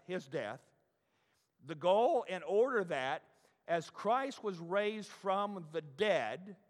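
A man's voice: on the high side, fairly bright tone. A pastor preaching a sermon in an emphatic, conversational way, often asking his listeners rhetorical questions. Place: church sanctuary. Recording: long reverb of a large hall.

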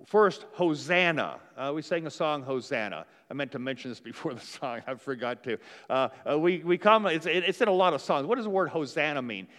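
A man preaching a sermon in a relaxed, conversational way, often stopping on fillers and restarting his phrases. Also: fairly high pitch, brisk, hardly any pauses, big-room sound. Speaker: pastor.

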